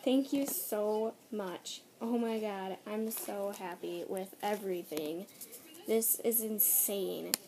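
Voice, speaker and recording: A woman's voice: medium pitch, takes it slowly, mellow, slight background noise. A teenage girl vlogger chatting casually through an unboxing, bubbly and gushing, giggling often. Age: teens.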